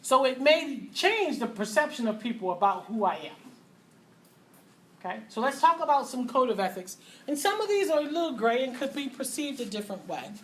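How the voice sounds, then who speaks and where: A middle-aged woman teaching a classroom full of students, her voice sitting a little on the high side. She talks in an animated, joking way and slips into little acted-out voices. A faint hiss of background noise stays under her. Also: normal speed. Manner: animated, acts out voices and asides, laughs often. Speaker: physical therapy instructor. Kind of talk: classroom lecture.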